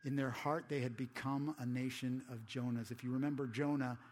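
A man's voice: mid-range voice, flat delivery, fairly quick, a little mellow. A man preaching a sermon in a conversational way, often putting rhetorical questions to the audience.

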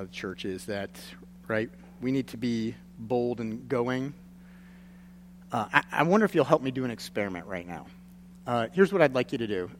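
A man's voice: mid-range voice, a bit bright, a little hiss or hum. A male pastor preaching a sermon to his congregation, earnest and building to emphatic points, with folksy stories. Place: church sanctuary. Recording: long church reverb.

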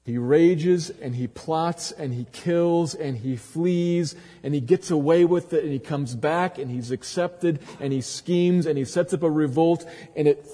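A man preaching a sermon dramatically, swinging from loud emphatic lines to low, quiet ones. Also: unhurried, few pauses. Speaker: pastor. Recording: long hall reverb.

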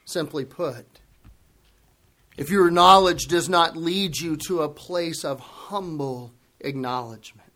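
A man's voice: fairly high pitch, pushed and bright. A man preaching a sermon, earnest and emphatic, repeating key words for weight.

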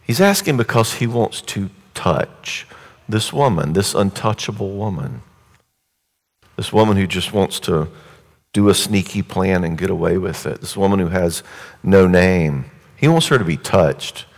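A man's voice: sits low, expressive, unhurried. A man preaching a sermon in a vivid, conversational storytelling way. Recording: echoey hall reverb.

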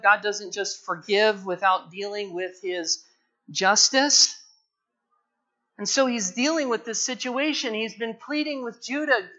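Bright-voiced impassioned preacher, dull lo-fi sound. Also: mid-range voice, steady tone, a little slow. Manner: impassioned, emphatic, repeats rhetorical questions. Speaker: pastor. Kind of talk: sermon.

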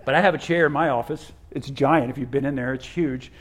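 A man who is a pastor preaching a sermon, stressing key words by repeating them, swinging from loud to hushed, with folksy storytelling asides. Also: medium pitch, fairly quick.

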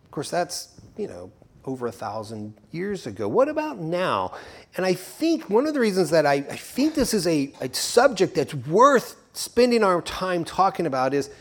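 A man preaching a sermon to a congregation, animated, acting out quoted speakers as he teaches. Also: on the high side, moderate pace.

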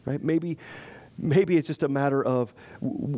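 A man preaching a sermon as a pastor, earnest and pleading, who later leads a soft, slow prayer. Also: a little high.

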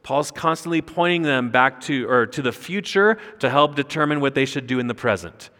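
A male pastor preaching to his congregation from the pulpit, his voice sitting in a middle range. He breaks down a passage verse by verse and lifts his voice forcefully whenever he quotes the text. The sound carries the long reverb of a church hall. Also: medium pitch, animated, normal speed. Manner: emphatic, rising sharply when quoting scripture. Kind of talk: expository sermon. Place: church sanctuary.

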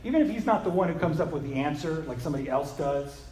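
A man preaching a sermon in an animated, conversational way, often checking in with a rhetorical "right?" and slipping in self-deprecating humor. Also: on the high side, fast, a little hiss or hum. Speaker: pastor.

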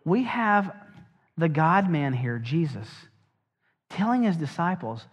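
A man's voice: on the high side, big pitch swings, slow pace, breathy edge. A middle-aged man preaching a sermon as a pastor. He asks the congregation direct questions and drops wry, joking asides. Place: church sanctuary. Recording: dull, long church reverb.

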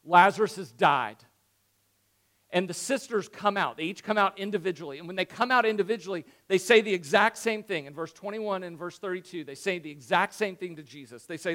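Animated high-voiced male pastor preaching. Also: a little fast. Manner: animated, acts out Bible dialogue, drops to hushed tones for emphasis. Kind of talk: sermon.

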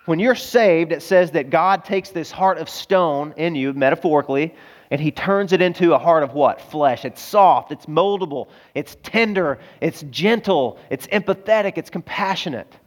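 A man's voice: fairly high pitch, moderate pace. A middle-aged man preaching a sermon as pastor, earnest and emotional, telling stories to his congregation. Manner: earnest, emotional storytelling, addresses crowd as guys.

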